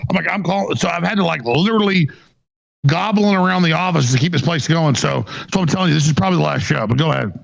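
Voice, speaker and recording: A male host with a heavily gravelly, rough voice rants with raw emotion and lots of swearing. His pitch sits a little high for a man. The audio is dull and lo-fi. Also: fast talker. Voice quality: gravelly, profane, emphatic. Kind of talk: emotional live show ranting.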